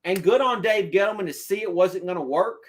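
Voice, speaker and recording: A man with a notably high-pitched voice delivers football opinions on a live stream. He talks to his chat directly, repeating his points for emphasis and arguing them out loud. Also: a little fast. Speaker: sports streamer.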